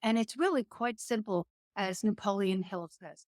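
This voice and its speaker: A woman's voice: medium pitch, darkish tone, no room sound. Earnest woman guest, dry close sound. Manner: earnest, measured motivational delivery. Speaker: guest entrepreneur. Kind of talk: faith-based business interview.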